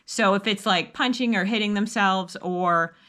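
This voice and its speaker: A woman's voice: mid-range voice, moderate pace, bright, forceful tone. A middle-aged woman giving casual parenting advice, earnest and rambling, with many restarts, sometimes acting out upbeat lines a parent could say. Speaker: homeschooling parent advice vlogger. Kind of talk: casual advice talk to camera.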